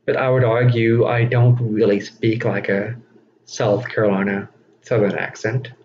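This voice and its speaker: A man giving a recorded teaching lecture, speaking slowly and deliberately with frequent fillers. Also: on the low side, little pitch movement, darkish tone. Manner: slow, deliberate, self-aware delivery with frequent fillers. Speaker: instructor. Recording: dull lo-fi recording with faint noise.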